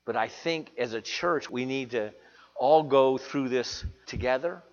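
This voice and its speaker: A man's voice: mid-range voice, a little slow, in a large hall. Earnest male preacher, dull recording. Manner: earnest, confessional, repeats phrases for emphasis. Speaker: pastor. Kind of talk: sermon.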